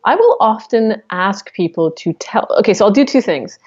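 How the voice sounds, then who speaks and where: A woman's voice: medium pitch, big pitch swings, normal speed, a little mellow, breathy edge. Woman, candid coach, explanatory, casual swearing, slightly dull audio. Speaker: guest coach. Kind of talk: casual podcast interview.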